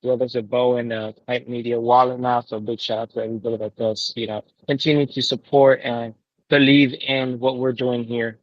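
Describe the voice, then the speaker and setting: A man's voice: medium pitch, level tone, fairly quick, no echo. A man chatting in a laid-back way on a livestream, often saying "yo". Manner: laid-back, says "yo" a lot. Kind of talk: casual livestream chat. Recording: dull lo-fi audio.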